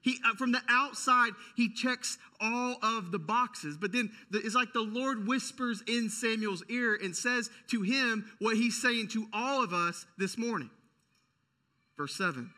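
A man preaching with a high, piercing bright voice. He talks to the congregation in an energetic, conversational way, restarting phrases as he goes. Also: normal speed. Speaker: pastor. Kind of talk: sermon.

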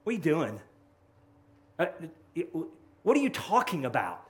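A man's voice: a little high, wildly swooping pitch, normal speed. A man voicing an irritated older brother who scolds a young shepherd with scornful questions.

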